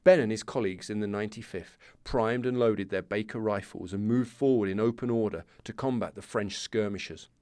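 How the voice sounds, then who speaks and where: A man's voice: on the low side, fairly quick, few pauses, a little mellow, no echo. A man hosting a history podcast, reading scripted narration with casual asides. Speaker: podcast host.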